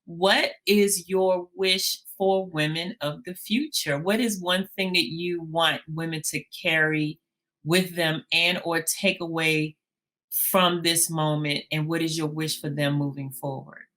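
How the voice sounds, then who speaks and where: Bright-voiced woman hosting an interview. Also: sits low, steady tone, measured pace. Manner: affirming, with frequent murmured agreement. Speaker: host.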